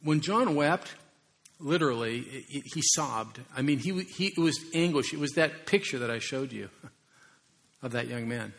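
A man preaching a sermon in an animated way, acting out voices and rising suddenly in volume. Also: mid-range voice, normal speed. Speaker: pastor.

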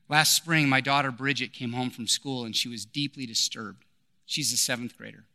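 A man's voice: medium pitch, fairly even intonation, normal speed, pushed and bright. A man in his forties preaching a sermon, emphatic and repeating his key phrases. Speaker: pastor.

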